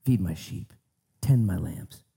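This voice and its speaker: A man doing a patient, gentle shepherd. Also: sits low, takes it slowly, gravelly, slightly rough, voice pushed down, heavily acted. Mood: gentle, probing. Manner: calm, repeating questions.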